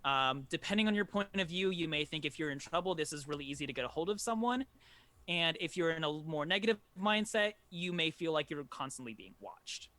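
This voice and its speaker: A man runs a tabletop game, describing the scene with frequent ums and restarts. His voice is bright and sits a little high for a man. He narrates rather than acts. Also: lively intonation, no echo. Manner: halting, lots of ums and restarts. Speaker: game master.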